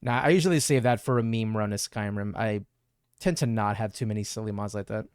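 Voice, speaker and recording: A man's voice: on the low side, brisk, darkish tone, clean tone, dry recording. A man from Texas chatting casually on a gaming livestream, rambling between topics and reading chat messages aloud. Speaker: streamer.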